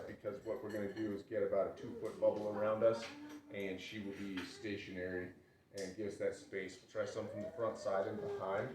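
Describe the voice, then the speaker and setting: A man teaching dog obedience exercises in a relaxed, instructive way. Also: lowish voice. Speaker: dog trainer. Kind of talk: outdoor training demonstration. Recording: roomy, distant mic with loud noise.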